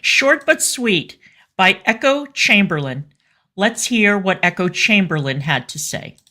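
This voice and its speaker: A woman's voice: medium pitch, sing-song, a little slow, pushed and bright. A woman co-hosting a commentary show, talking candidly and effusively in a casual chat, with fillers and restarts. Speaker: show co-host.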